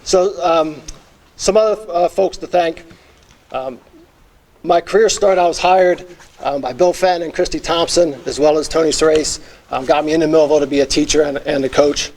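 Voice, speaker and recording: A middle-aged hall of fame inductee who once taught and coached football gives a heartfelt acceptance speech full of fillers and memories. His voice is a bit high and darkish, with a steady tone and a moderate pace.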